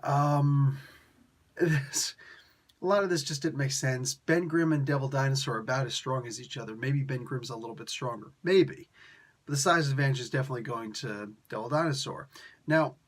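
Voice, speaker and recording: A young man hosting a casual review, talking in an animated, sarcastic and exasperated way with slangy asides. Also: mid-range voice, normal speed. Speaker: comic book reviewer.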